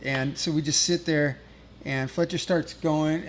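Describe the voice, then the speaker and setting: A man's voice: a little high, steady tone, normal speed, a little hiss or hum. A middle-aged man telling a rambling, profane touring story as a guest musician, laughing at his own tale. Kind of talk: casual storytelling.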